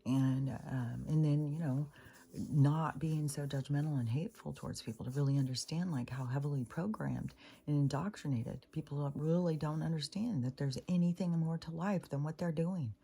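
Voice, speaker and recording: Low gravelly woman ranting. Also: normal speed, mellow. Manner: rambling, profane, exasperated. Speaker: spiritual vlogger. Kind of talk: casual monologue.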